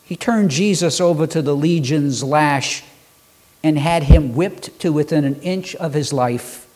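Slow, measured male preacher. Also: on the high side, a little mellow. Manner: measured preaching with dramatic pauses and rhythmic lists. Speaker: pastor. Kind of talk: sermon.

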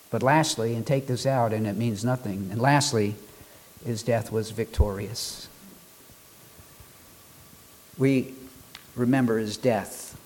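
A man preaching a sermon, building rhythmic lists and pausing for dramatic effect. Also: mid-range voice, a little mellow. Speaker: pastor.

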